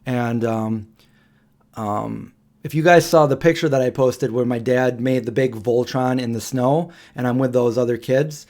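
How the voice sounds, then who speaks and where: A man in his forties hosting a live Q&A stream, telling stories in a rambling, halting way with many pauses and restarts. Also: medium pitch, darkish tone. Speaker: livestream host. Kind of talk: casual storytelling on a live Q&A stream.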